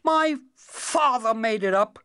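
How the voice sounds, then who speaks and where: A small, timid young man who forces out strained, stammering cries, as a man plays him. His voice rises high and jumps around in pitch. It is a storybook reading. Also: animated, slow pace, bright, forceful tone, smooth, full character voice. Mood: indignant.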